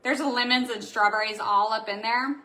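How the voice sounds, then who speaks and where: A woman who owns a craft shop, hosting a live stream where she shows new supplies and chats excitedly with viewers. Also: a little high, moderate pace, poor audio. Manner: bubbly, excitable, chatty with viewers. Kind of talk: live stream product showing.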